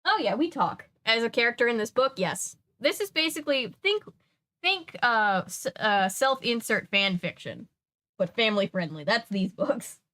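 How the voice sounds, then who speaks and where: A woman's voice: fairly high pitch, animated, normal speed, bright, forceful tone. Young woman host, chatty reader, breaks off to joke with chat. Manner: chatty, joking asides. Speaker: streamer reading a kids' book. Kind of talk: casual read-aloud with chat asides.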